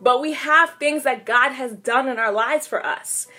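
A woman's voice: high-pitched, measured pace, pushed and bright, faint music behind. A woman hosting a live online Bible study. She greets viewers by name, prays and reads scripture in an upbeat, casual way, and laughs easily. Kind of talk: casual livestream devotional with prayer and scripture reading.

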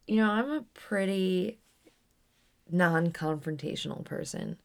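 On her podcast, a young woman rambles candidly through a personal story in a casual monologue, often starting sentences over. Her voice is lowish and darkish with vocal fry, and she doesn't rush.

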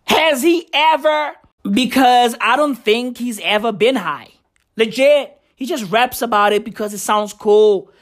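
A woman hosting a comedy podcast, ranting loudly with constant swearing and bursts of laughter. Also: on the high side, unhurried. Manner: profane, rowdy, loud and laughing. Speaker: podcast host.

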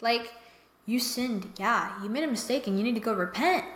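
A young woman talks earnestly through a faith-based mental health podcast, leaning hard on her points and checking in with the listener again and again. Her voice sits a bit high, and the room around her rings with echo. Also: normal speed, a bit bright. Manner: emphatic and earnest, keeps checking in with "okay?". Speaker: podcast host. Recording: echoey room.

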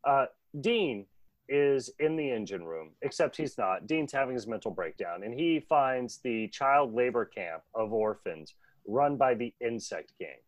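Give me an animated male podcast host with a dry, close sound. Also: mid-range voice, no echo. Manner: animated, laughing, doing quick voices. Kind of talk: casual chat recapping a cartoon.

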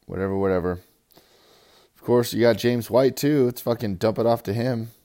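A young man giving a profane, rambling fantasy football recap, swinging from loud hype to low mumbles. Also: moderate pace. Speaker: fantasy football league player.

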